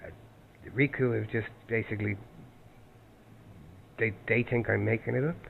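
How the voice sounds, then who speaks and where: A man with a fairly low voice talks haltingly, stumbling over words and starting sentences again and again. He comes through a thin, tinny phone line with a faint hiss behind him. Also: steady tone, gravelly. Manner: halting, with many restarts and repeated words. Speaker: caller seeking help. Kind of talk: recounting events on a phone call.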